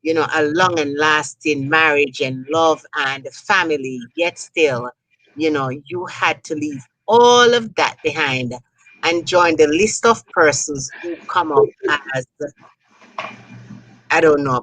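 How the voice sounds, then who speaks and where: Low-voiced woman talk show host. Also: animated, measured pace, fairly bright tone, low-quality recording. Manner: rambling, leans on "you know".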